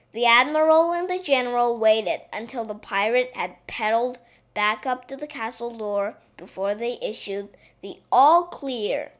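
A woman reading a children's story aloud, gentle and expressive. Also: fairly high pitch, a little slow.

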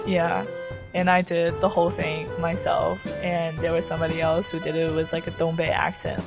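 A woman's voice: fairly low pitch, level tone, moderate pace, music in the background. A young woman from China, a college student, chatting casually as an interview guest in with lots of fillers. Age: young adult. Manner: chatty, many fillers and likes.

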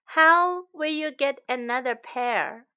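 A woman voicing a kind, fair-minded woman who gently scolds a stingy seller in a children's storybook. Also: high-pitched, slow pace, full character voice. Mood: reproachful.

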